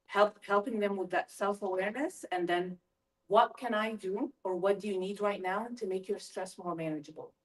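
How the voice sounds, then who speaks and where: A middle-aged woman giving a lively parent workshop talk, asking her audience questions as she goes. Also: mid-range voice, moderate pace. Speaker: school family-engagement presenter. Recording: voice from a distance from the mic.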